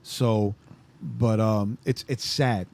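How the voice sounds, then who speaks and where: An earnest man co-hosts a casual faith podcast in a fairly low voice. He keeps checking in with "right?" as he makes his points. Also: steady tone, slow, vocal fry, darkish tone. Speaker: podcast co-host.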